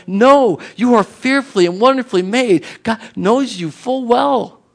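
A man's voice: extremely high pitch, measured pace, gravelly. A man preaching a sermon in an emphatic, conversational way, acting out little exchanges with people. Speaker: pastor.

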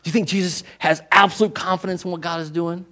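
Preaching at a church service, this male pastor has a high-sitting voice, fairly even intonation, and a quick pace. He speaks conversationally, swinging between emphasis and hushed tones.

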